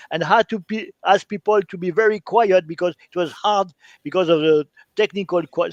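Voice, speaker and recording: A French man, speaking English as a second language with a French accent, hosting an interview in a halting way full of fillers. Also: a little high, no echo, muffled recording. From France. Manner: halting, with many fillers, hesitations and laughs. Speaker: interview host.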